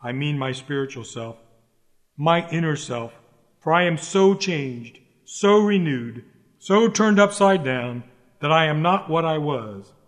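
A man's voice: on the high side, animated, measured pace. A man preaching a sermon, earnest and emphatic, pleading with the listeners and repeating his key phrases. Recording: long hall reverb.

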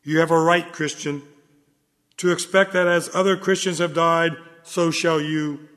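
A man delivering a solemn sermon in a measured, earnest manner. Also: on the high side, steady tone, fairly bright tone. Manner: solemn, measured, rises in fervor. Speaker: preacher. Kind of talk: sermon reading. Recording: long hall reverb.

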